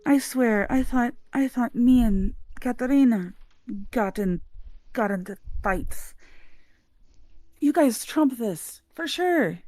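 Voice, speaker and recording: A woman's voice: on the high side, lively intonation, slow pace, darkish tone, no echo. Woman, tabletop player, earnest, pleading, dry close sound. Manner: earnest, pleading, talking in character. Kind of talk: playing a tabletop game.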